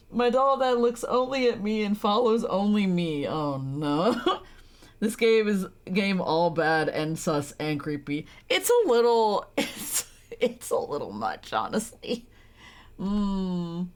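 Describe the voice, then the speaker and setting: Animated young woman reacting to a game. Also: medium pitch, slow. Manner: animated, laughs often, flustered reactions. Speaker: streamer. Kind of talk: live game commentary.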